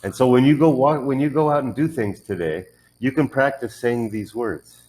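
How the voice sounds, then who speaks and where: A man's voice: mid-range voice, moderate pace, darkish tone, poor audio. A man teaching English pronunciation one on one, patiently modelling words and correcting the learner's drills.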